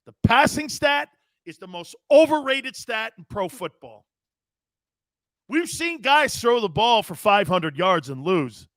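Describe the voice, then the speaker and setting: A man's voice: high-pitched, sing-song, measured pace, no room sound, studio quality. A middle-aged man hosting a sports talk show, hollering his opinions, swearing freely and hammering the same catchphrases. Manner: loud, hollering and profane; emphatic, repeats catchphrases.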